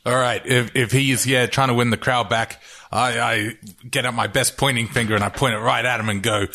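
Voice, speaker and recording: A man's voice: mid-range voice, steady tone, normal speed, pushed and bright. A man playing a tabletop game, giggling and describing his moves. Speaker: player. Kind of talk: casual tabletop play.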